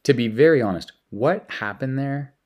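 A Canadian man tells casual personal stories about lessons with his young son, rambling with frequent repeated words and restarts. His medium-pitched voice is animated and moderately paced, captured with lo-fi sound.

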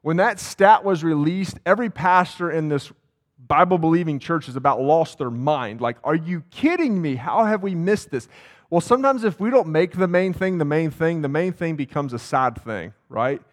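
A man's voice: fairly high pitch, lively intonation, moderate pace. A man preaching a sermon as campus pastor, talking casually and asking the congregation questions. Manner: conversational, asks the congregation questions. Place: church sanctuary.

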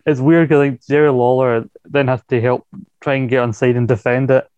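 A man's voice: medium pitch, fairly even intonation, fairly quick, a little mellow, smooth, dry recording. Sweary Scottish man, dull lo-fi mic. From Scotland. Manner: blunt, sweary and mocking. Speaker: podcast co-host. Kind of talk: casual chat, wrestling recap.

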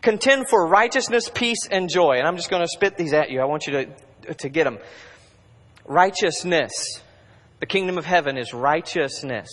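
A man preaching to his congregation, his voice sitting a little high for a man and ringing with a long hall reverb. He talks in a conversational way, pushing hard in urgent bursts and then dropping to quiet asides. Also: expressive, brisk, hardly any pauses. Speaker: pastor. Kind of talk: sermon.

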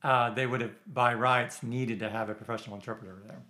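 A man's voice: medium pitch, steady tone, quick pace, pushed and bright. A man discussing a film in a casual panel chat, who often restarts and repeats words while building his point. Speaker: film critic. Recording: roomy echo.

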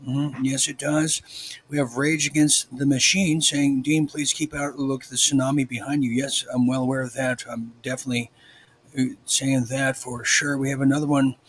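A man's voice: mid-range voice, little pitch movement, normal speed, fairly bright tone, a little hiss or hum, poor audio. Chatty male live-stream host. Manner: chatty, reads viewer comments aloud. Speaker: show host. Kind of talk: casual live-stream chat.

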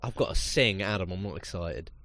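A man, co-hosting a casual podcast chat with an animated, swearing, self-mocking manner. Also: sits low, brisk. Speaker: podcast co-host.

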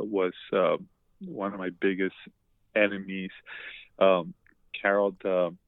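A man with a fairly low voice tells a heartfelt story, circling back on his words and restarting his sentences. The sound is dry and thin, squeezed like a phone line. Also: no echo. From Colombia. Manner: emotional, repeats words, many restarts. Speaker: podcast guest.

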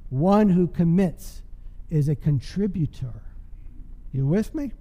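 A man's voice: a little high, animated, slow, dark tone, muffled recording. A male pastor preaching a sermon in an emphatic, call-and-response style, checking in with the congregation. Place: church. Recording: long hall reverb.

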